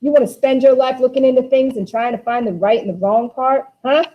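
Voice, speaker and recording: A woman's voice: sits high, steady tone, fairly quick, voice pushed up. A woman voicing Walter, a bitter, scheming young man, in a dramatic play reading with a raised, impassioned voice, on a dull lo-fi recording.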